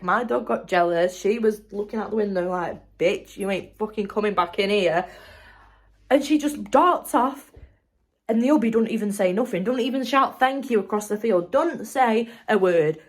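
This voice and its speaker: A young woman tells a story straight to camera. She is chatty and animated, swearing freely, with an everyday mid-range voice. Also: mid-range voice, moderate pace. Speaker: vlogger. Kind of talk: casual storytelling vlog.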